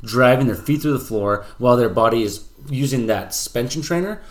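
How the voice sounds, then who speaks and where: A man who works as a personal trainer, co-hosting a casual fitness podcast and talking loosely with lots of fillers and restarts. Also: mid-range voice. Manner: fast, loose talk full of "like" and restarts.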